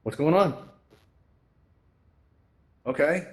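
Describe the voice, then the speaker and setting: A man's voice: a little high, extremely slow. A man hosting a virtual reality tutorial event, talking casually and often tagging his sentences with "right?" and "you know", into a headset microphone. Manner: chatty, tags lines with "right?" and "you know". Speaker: host presenting a VR tutorial event. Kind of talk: casual spoken presentation.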